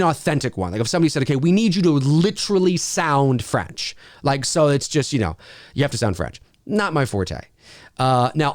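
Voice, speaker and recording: Male host, mid-pitched, loose chatty delivery with frequent fillers, dry studio mic. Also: dry recording. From Canada. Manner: rambling, halting, lots of fillers. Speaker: livestream host answering viewer questions. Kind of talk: casual live Q&A. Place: home studio.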